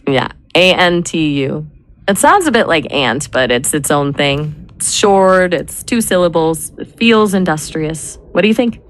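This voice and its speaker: A woman brainstorming names in casual chat, measured and spelling words out letter by letter. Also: sits low, expressive. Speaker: brainstorming assistant.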